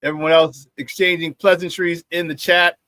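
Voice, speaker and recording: Male sports talk host, high, bright voice, dry close mic, excitable and chatty with the chat. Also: moderate pace, dry recording. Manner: excitable and hyped, with frequent laughs and slang. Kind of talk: live-streamed sports talk, reading viewer chat.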